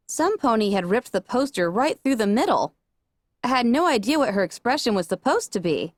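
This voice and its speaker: A woman reading a first-person fan fiction story aloud with expressive narration. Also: on the high side, no room sound, studio quality. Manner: expressive, animated. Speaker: audiobook reader.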